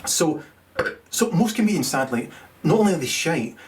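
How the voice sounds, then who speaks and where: Pitched fairly high and expressive, a middle-aged male comedian speaks at a normal pace. He wanders through a vulgar monologue, cursing, tripping over himself and starting over, and cracking up at his own gags.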